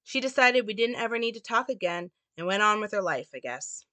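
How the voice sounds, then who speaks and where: A woman's voice: medium pitch, expressive, brisk, bright, forceful tone, no echo. A woman reading the lines of an awkward young male college student from a script in a hesitant way. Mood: uneasy.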